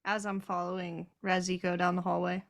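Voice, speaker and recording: A woman's voice: lowish voice, little pitch movement, fairly quick, dry recording, studio quality. Prim-sounding woman player. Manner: formal, prim phrasing. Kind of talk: in-character tabletop play.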